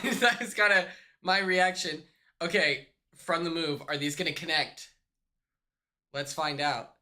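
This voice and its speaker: A man's voice: a little high, measured pace, long pauses, pushed and bright. A man live-streaming from a hotel room, chatting casually with viewers, swearing and laughing, breaking into shrieks when retelling a story.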